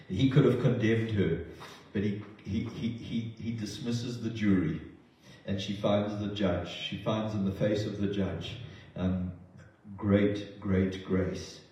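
Man preaching, earnest and emotional, low mellow voice, echoey church hall, heard from a distance. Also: steady tone, slow, long pauses. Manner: earnest, emotional, with repeated restarts. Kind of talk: sermon. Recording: roomy distant sound.

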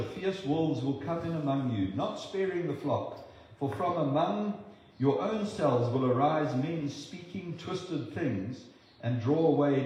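A man's voice: mid-range voice, darkish tone, very echoey, low-quality recording. A male pastor preaching a sermon, repeating words as he restarts and acting out the voices of people he quotes.

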